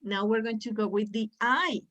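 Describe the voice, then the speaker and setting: Lively woman coaching pronunciation, slightly high voice. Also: normal speed, dull audio. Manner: animated, coaxing, repeats words for the group. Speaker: pronunciation trainer for teachers. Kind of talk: lively online teaching workshop.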